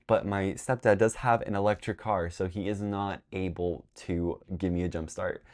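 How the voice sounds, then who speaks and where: Low-voiced young man ranting a storytime. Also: fairly even intonation, moderate pace, a little mellow. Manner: rambling, exasperated storytelling with swearing. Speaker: vlogger. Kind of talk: storytime vlog.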